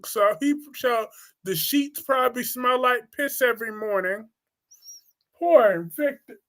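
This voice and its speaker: A man hosting a live soap opera talk stream, chatting casually and answering chat comments in a blunt, crude, gossipy way with teasing outbursts. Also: very high-pitched. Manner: teasing, quick swings in loudness.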